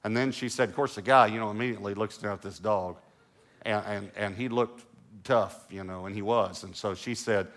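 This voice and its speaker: A middle-aged male pastor preaching a sermon, an animated storyteller who drops to hushed lows and rises to loud bursts. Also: a little fast.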